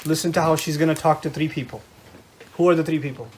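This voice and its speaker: A middle-aged man giving an animated religious lecture to a live audience, often quizzing his listeners with questions. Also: a little high, fast, a little hiss or hum. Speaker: Islamic lecturer.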